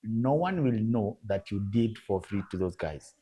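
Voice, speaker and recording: Interviewed casually as a guest photographer, this man from Kenya keeps saying "bro" to the listener, repeating himself with emphasis. He talks at a moderate pace in a fairly low, dark voice with lively intonation.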